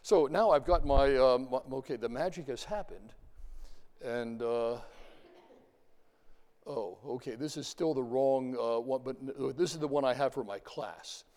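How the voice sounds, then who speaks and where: A man lecturing his class in a lively way, talking to students and chanting examples aloud. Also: mid-range voice, a little slow. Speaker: university lecturer. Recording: reverberant lecture hall.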